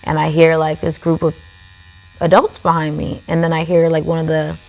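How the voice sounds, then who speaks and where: On a tattoo studio podcast set, a female guest tells a story in a low, monotone, creaky voice with a darkish tone, speaking at normal speed. Her style is chatty and casual, full of "like" fillers.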